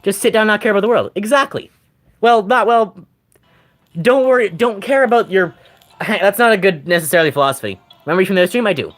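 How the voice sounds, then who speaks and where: A man rambles through casual game commentary, answering his chat with jokes and frequent laughter. His voice sits high for a man and swings lively up and down, and faint music plays behind him. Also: brisk. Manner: rambling, jokey, laughs often. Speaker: gaming streamer.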